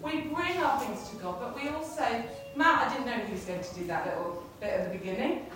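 A woman's voice: a little high, brisk, fairly bright tone. A woman giving a chatty church talk to a congregation, often laughing. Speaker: preacher. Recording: echoey hall, distant mic, faint noise.

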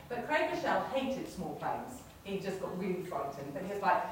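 A woman's voice: on the low side, sing-song, fast, hardly any pauses. A woman giving a chatty church talk to a congregation, often laughing. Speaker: preacher. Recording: echoey hall, distant mic, faint noise.

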